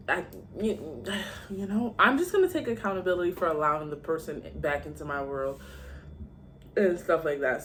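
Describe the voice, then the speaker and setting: A woman's voice: low voice, a little hiss or hum. A young adult woman vlogging in a candid, slangy and heartfelt way, talking casually to her viewers. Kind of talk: casual chat to camera.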